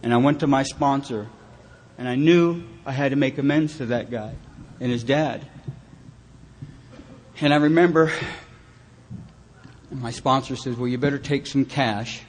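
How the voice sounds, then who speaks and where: A man's voice: medium pitch, a little slow, pauses often, a little hiss or hum. A man from Los Angeles speaking at a recovery retreat, telling his own story with wry, self-mocking humor and acting out the people in it. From Los Angeles, California. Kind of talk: personal recovery talk. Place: retreat meeting hall, live audience.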